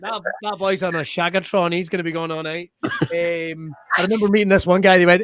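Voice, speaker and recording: A man's voice: high-pitched, fairly even intonation, a little fast, fairly bright tone, no room sound. A Scottish man, a comedian, telling cheeky, sweary stories in casual banter. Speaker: comedian guest.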